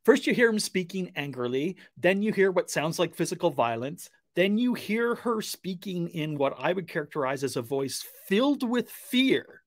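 A man's voice: high voice, sing-song, moderate pace, few pauses, no echo, studio quality. A man co-hosting a casual online panel discussion, speaking hesitantly with many fillers and hedges.

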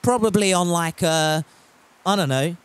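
High-voiced man streaming games. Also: measured pace, smooth. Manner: chatty, swears freely, reads out chat messages. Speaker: game streamer. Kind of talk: casual live-stream chat while gaming. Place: at home.

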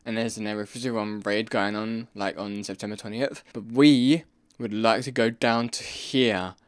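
A young man rambling through let's play commentary, breaking into sudden excited yelps and repeated pleas. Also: on the low side, normal speed, clear, resonant tone, no echo, clean studio sound. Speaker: gaming channel host.

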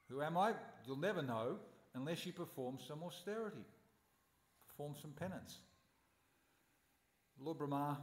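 A man's voice: on the high side, echoey room, big-room sound. A man giving a scripture class at a temple, telling stories animatedly and posing rhetorical questions. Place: temple hall.

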